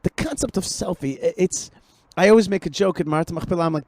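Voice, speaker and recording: Animated higher-voiced male podcast host. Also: fast, no echo. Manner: animated, repeats words, jokey. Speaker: show host. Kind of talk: casual podcast conversation.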